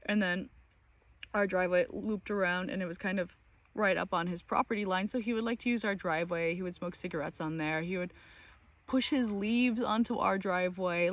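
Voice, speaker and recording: A woman hosting her own channel, telling a personal story in a casual, animated and exasperated way, with many fillers. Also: on the low side. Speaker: channel host.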